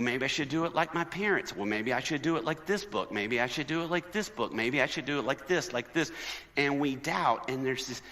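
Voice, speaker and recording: Middle-aged guy doing a funny parenting talk, mid pitch, big hall with a long echo. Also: fairly bright tone. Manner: storytelling, jokey, acts out quoted voices. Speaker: speaker at a marriage and family conference. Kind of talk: conference talk on parenting with humor. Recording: long reverb of a large hall.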